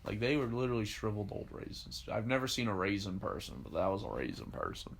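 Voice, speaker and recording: A man's voice: lowish voice, fast, vocal fry, breathy edge. A young man, co-hosting a podcast and telling a story in casual chat, acting out the quotes and swearing freely. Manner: animated storyteller, acts out quotes, swears, laughs often. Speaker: podcast co-host.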